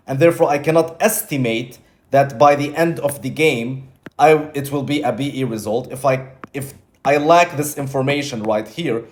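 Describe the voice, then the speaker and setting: This man's mid-range voice is a little mellow as he teaches trading in a relaxed monologue. Blunt and repetitive, he occasionally swears and quotes his own inner voice as if acting it out.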